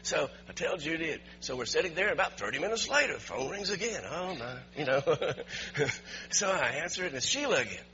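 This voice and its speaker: A male pastor delivers a storytelling sermon with a bright, forceful voice pitched a bit high. He is animated and climbs to emphatic shouts. The recording sounds slightly dull, with a faint hum underneath. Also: fairly quick.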